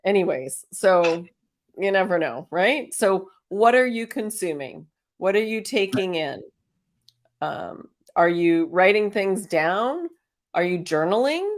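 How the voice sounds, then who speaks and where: A woman's voice: medium pitch, animated, slow pace. A woman hosting a casual spiritual self-help talk, chatty and encouraging, firing off strings of rhetorical questions and laughing often. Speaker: host.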